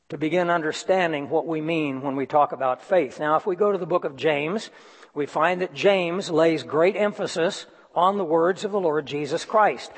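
Male preacher, fairly high voice, measured sermon delivery, long hall reverb. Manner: slow, deliberate emphasis with reading aloud.

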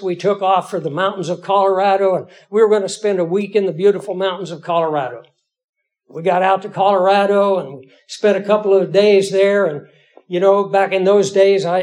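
High-voiced man preaching a story. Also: a little mellow. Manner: conversational, folksy, self-deprecating. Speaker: pastor. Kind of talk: storytelling sermon.

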